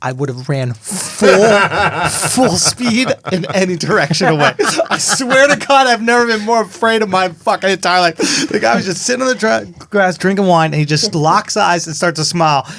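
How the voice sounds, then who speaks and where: A man, podcast co-host, telling comedic stories in a loud, animated way with lots of slang and laughter. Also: high voice, normal speed, hardly any pauses.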